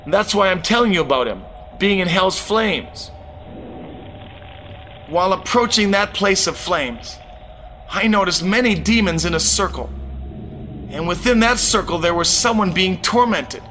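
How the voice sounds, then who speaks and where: Man, first-person spiritual testimony, earnest and dramatic, slow delivery, bright tone. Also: high voice, animated, slight background noise. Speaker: testimony narrator.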